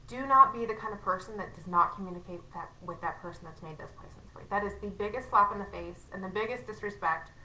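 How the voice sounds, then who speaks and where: A woman who leads a sales team gives a candid, emphatic training talk in casual language, sometimes acting out quoted exchanges. Her mid-range voice is bright and forceful, but the recording is poor, with a roomy sound.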